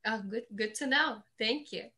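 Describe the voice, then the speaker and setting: Bright-voiced woman asking polite questions. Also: a little high, normal speed. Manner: polite, careful questions, soft affirmations. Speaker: interviewer. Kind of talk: interview questions.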